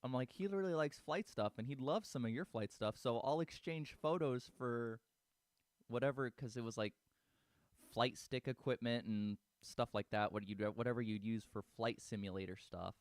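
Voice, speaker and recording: A man's voice: mid-range voice, normal speed, no echo. A man chatting casually on a live game stream, rambling through stories and swearing now and then. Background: game music.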